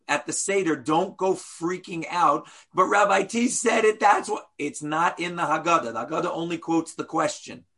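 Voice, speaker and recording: Brief: male rabbi leading a class, bright and husky, playful rhetorical style. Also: on the high side. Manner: animated, rhetorical questions, playful asides. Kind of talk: teaching a class.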